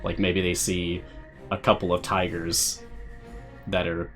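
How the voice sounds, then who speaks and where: A man's voice: low voice, measured pace, long pauses, faint music behind. A man hosting a live game stream, chatting casually and answering viewer questions with frequent laughs. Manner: relaxed, chatty, laughs often.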